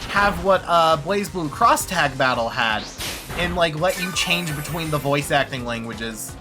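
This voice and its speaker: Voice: mid-range voice, lively intonation, measured pace, music in the background. A streamer chatting casually during a video game stream, rambling and swearing, often laughing. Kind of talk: casual gaming stream chat.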